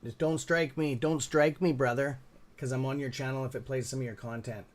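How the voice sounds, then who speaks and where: Man, livestream host, casual chat, mutters and curses at his computer, mid-pitched voice, desk mic. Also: steady tone, fairly quick. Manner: mutters and swears at the computer, then cheers on viewers.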